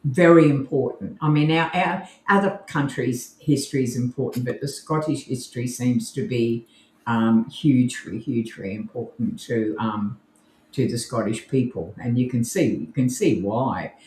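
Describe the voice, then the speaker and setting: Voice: medium pitch, moderate pace, a little mellow, a little hiss or hum. Chatty Australian podcast co-host, roomy sound. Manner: chatty, enthusiastic, laughs easily. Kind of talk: casual live podcast chat. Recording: roomy echo.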